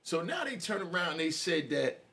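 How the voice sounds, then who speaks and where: Animated New man, gravelly voice. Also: fairly high pitch, moderate pace. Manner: animated, slangy, frequent "you know". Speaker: podcast host. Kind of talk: street storytelling monologue.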